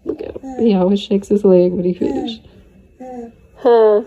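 A woman's voice: medium pitch, normal speed, dark tone, lo-fi sound. A woman vlogging at home, playful and laughing as she talks to her baby. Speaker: family vlogger. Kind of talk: casual home vlog.

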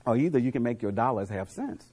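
A middle-aged man giving a motivational speech to a live audience, telling coaching stories and quizzing the crowd, dropping to low murmurs and then rising to loud punchlines. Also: expressive, fast, husky. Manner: preachy storyteller, asks the crowd questions, swings from low murmurs to loud punchlines. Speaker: motivational speaker.

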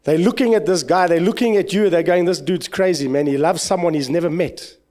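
A South African pastor preaches fairly quickly in church, his passionate sermon swinging between loud exclamations and low, quiet asides.

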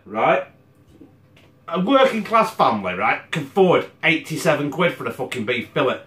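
A man's voice: medium pitch, big pitch swings, moderate pace, a bit bright. A man, host of a home cooking channel, chatting bluntly to camera and swearing constantly. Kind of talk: casual sweary to-camera chat. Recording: echoey room.

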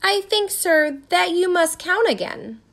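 A woman playing an excitable, fretful mother. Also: extremely high pitch, a little slow, voice pushed up, exaggerated voice. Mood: pointed. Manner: exclaiming, dramatic, fussing.

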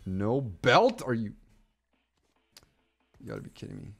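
A young male streamer narrating his own game in a casual, animated way. His pitch leaps around as he swings from quiet muttering to loud, excited outbursts, with faint music behind him. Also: measured pace, vocal fry, slightly rough.

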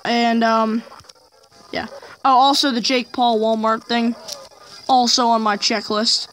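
A gaming host giving let's play commentary, rambling and easily frustrated, trailing off into quiet mutters. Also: mid-range voice, fairly even intonation, a little slow, rough recording.

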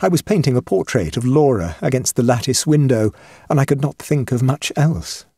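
A man reading a ghost story aloud, measured and expressive. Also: mid-range voice, breathy edge, no echo, clean studio sound. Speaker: audiobook narrator. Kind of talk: scripted narration of a ghost story.

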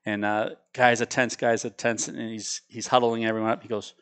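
A man's voice: on the low side, little pitch movement, normal speed, a bit bright, clear, resonant tone. Chatty male podcast host. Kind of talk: casual chat.

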